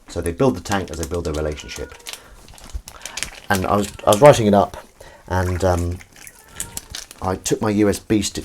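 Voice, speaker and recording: Man, very low voice, lively swinging pitch, rambling casual stream chat, coaxing his cat, faint background hiss. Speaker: livestream host. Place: home kitchen.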